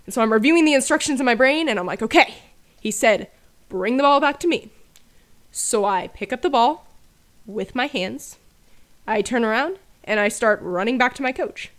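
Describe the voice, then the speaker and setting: A woman with a fairly high voice tells a casual story from her childhood. Her humor is dry and self-mocking. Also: expressive, moderate pace. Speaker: storyteller over gameplay.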